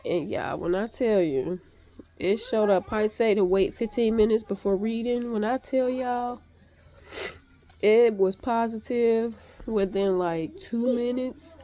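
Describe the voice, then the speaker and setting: Slow, mellow-voiced congested woman vlogger. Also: mid-range voice. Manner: chatty, many fillers, laughs at herself. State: congested and sniffly. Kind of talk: casual vlog storytelling.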